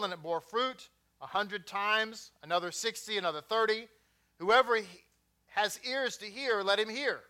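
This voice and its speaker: Bright-voiced Texan man preaching. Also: high-pitched, smooth. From Texas. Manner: conversational, joking asides. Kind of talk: sermon.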